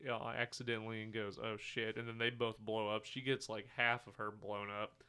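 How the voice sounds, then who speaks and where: A man co-hosting a casual podcast, walking through a film's scenes and putting on the characters' lines as he goes. His voice sits a little low but rings bright and smooth. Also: brisk. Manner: animated retelling of scenes, acting out quotes, swearing. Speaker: podcast co-host. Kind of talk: casual movie review chat.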